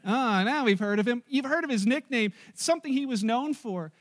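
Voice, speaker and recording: A middle-aged pastor with a strikingly high voice preaches to his congregation. He tells anecdotes in a lively, conversational way, acts out quotes and teases people in the room. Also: fairly quick. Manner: animated, storytelling with acted quotes and audience asides. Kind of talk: sermon.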